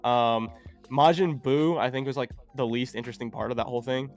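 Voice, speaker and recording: A man's voice: mid-range voice, steady tone, brisk, soft background music. Rambling, hesitant male podcast guest. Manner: rambling, hesitant, many fillers. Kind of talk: casual podcast chat.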